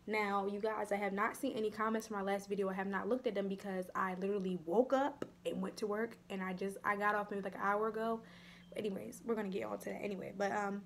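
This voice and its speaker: Young woman vlogger, casual chatty delivery with soft near-whispered asides, over a faint noise floor. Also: mid-range voice. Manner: chatty, addresses viewers as y'all, drops to soft near-whispers. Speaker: mukbang vlogger. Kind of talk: casual chat while eating.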